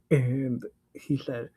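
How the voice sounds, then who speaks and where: Excitable man gushing about a book. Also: mid-range voice, slightly rough, poor audio. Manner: excitable, laughing, swears freely. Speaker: podcast host. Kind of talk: casual book recap.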